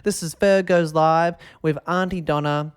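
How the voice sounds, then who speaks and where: Excitable Australian man rambling on a podcast. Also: fairly high pitch, a little slow, smooth. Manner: rambling and excitable, keeps tagging "all right?". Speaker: podcast host. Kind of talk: casual podcast chat.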